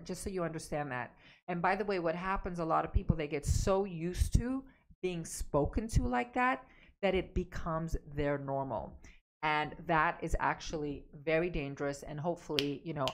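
A woman relationship coach giving emphatic, direct advice, repeating her key points. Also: low voice. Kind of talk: advice talk to camera.

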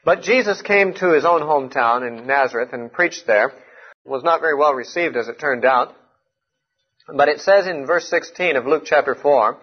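Male Bible teacher, earnest and explanatory, rather high voice, a little husky, muffled lo-fi sound. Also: normal speed. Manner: earnest, explanatory, emphatic on key points. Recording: muffled lo-fi recording.

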